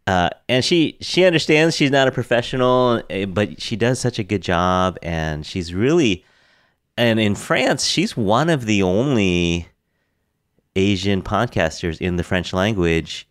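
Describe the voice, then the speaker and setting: An American man hosts a relaxed podcast chat, laughing often. His voice swings lively in pitch and sounds smooth and resonant. The recording is dry, with no room echo. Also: measured pace. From United States. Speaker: podcast host. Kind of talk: casual interview chat.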